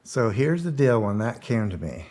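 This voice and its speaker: A man's voice: medium pitch, very animated, moderate pace, a little mellow. A middle-aged man and former soldier telling stories as a guest in a casual interview, rambling, repeating himself and swearing freely. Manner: rambling, repeats words, swears freely, acts out quoted dialogue.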